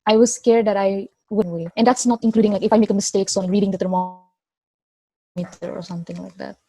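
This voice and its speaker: A woman's voice: medium pitch, steady tone, fast, warm tone. A woman in her twenties with a Sabahan Malaysian English accent, talking hesitantly as an interview guest. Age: 20s. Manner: hesitant, many restarts and fillers. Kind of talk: casual interview talk.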